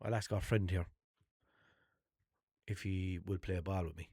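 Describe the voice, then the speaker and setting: A man's voice: fairly low pitch, lively intonation, moderate pace, long pauses, a little mellow, no echo, studio quality. A man with an Irish accent hosting his own podcast, telling a story in a loose, exasperated, swearing ramble. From Limerick, Ireland. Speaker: podcast host. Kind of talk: unscripted casual rambling monologue.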